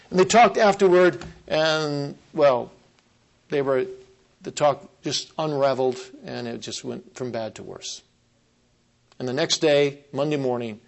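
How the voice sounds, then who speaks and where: Earnest preaching man, fairly high voice. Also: vocal fry, low-quality recording. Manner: earnest, emphatic repetition with slow stressed phrases. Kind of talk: sermon.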